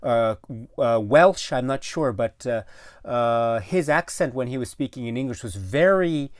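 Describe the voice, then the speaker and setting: Halting man, dry close sound. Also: mid-range voice, lively intonation, no echo. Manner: halting, searching for words with many restarts. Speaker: guest commentator. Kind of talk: casual film discussion.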